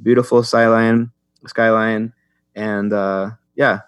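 A man's voice: lowish voice, level tone, slow pace, smooth, no room sound. A young man telling stories in a rambling way as a podcast guest, with many restarts and fillers. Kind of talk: casual chat.

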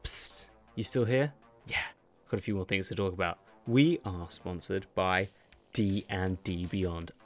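A man's voice: sits low, steady tone, measured pace, soft background music. Rambling man running a game. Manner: rambling, full of "like" and "sort of". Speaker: dungeon master and show host. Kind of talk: casual game narration and outro chat.

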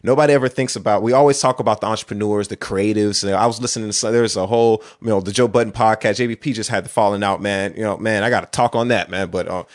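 A man's voice: on the low side, fairly even intonation, fast talker, few pauses. A man co-hosting a casual podcast, rambling through his points with lots of "you know" and "right" and getting worked up as he argues. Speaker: podcast co-host.

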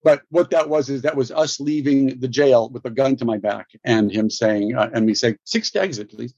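A man, a guest actor, telling stories in an interview, animated and laughing, with many restarts. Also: medium pitch, moderate pace, no echo, muffled recording. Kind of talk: storytelling interview.

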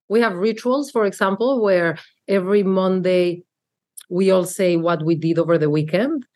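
A woman's voice: fairly low pitch, darkish tone. A woman from Mexico with a Mexican Spanish accent, talking earnestly and reflectively as an interview guest, with frequent fillers and restarts. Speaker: marketing executive guest. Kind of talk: candid interview conversation.

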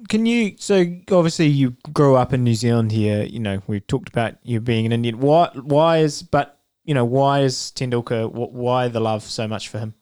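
A man on a casual podcast asking a probing question in a halting way. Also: mid-range voice, a little mellow, clear, resonant tone. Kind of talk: casual chat.

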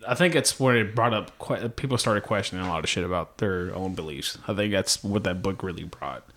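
Rambling man with a low voice. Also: a little fast, fairly bright tone. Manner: rambling, many fillers and restarts, laughs often. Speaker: podcast guest. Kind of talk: casual chat.

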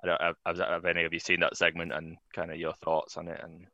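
A man co-hosting a casual wrestling podcast, speaking in a measured, reflective way and asking the others for their thoughts. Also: low voice, completely flat delivery, pushed and bright, highs cut off. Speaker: podcast co-host.

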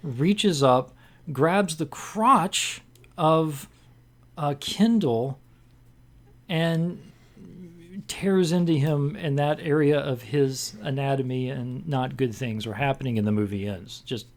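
Guy hosting a movie podcast, kinda rambly, lots of uhs and restarts, average pitch. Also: slow. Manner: rambling, full of fillers and restarts. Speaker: podcast co-host leading discussion. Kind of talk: casual film discussion.

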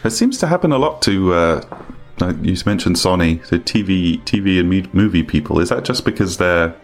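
A man with a very low voice co-hosting a casual tech news podcast. He asks questions hesitantly, restarting as he goes, with lively intonation. Faint music sits behind. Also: fairly quick. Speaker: podcast co-host.

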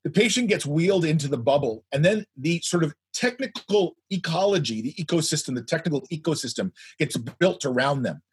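A man in his fifties, a guest telling a story in a loud, animated way. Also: fairly high pitch, brisk, few pauses, breathy edge. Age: 50s. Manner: animated, speaks loudly. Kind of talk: anecdotal storytelling.

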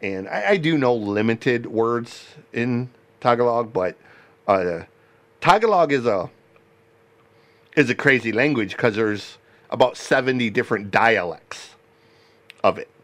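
Rambling, halting podcast host man. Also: medium pitch, expressive, fairly bright tone. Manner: rambling, halting, laughs often. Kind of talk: casual interview chat.

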